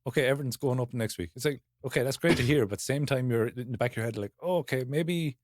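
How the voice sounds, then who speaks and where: A man's voice: medium pitch, racing, dry recording, studio quality. An Irish man co-hosting a podcast, agreeable and laid-back in casual chat. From Ireland. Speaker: podcast co-host.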